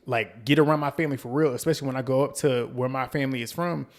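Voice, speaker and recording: A man with a Southern twang from North Carolina talks through a reality show episode like he's telling a friend. He is chatty and gossipy, and he jumps into quick voices when he quotes the cast. His voice sits at an everyday middle pitch. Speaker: reality TV recap host. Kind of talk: casual recap and commentary.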